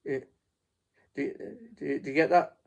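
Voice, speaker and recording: Gravelly man teaching drum basics. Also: mid-range voice, fairly even intonation. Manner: halting, many fillers and restarts, counts beats aloud. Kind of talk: casual drum lesson. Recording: faint noise with drum pad clicks.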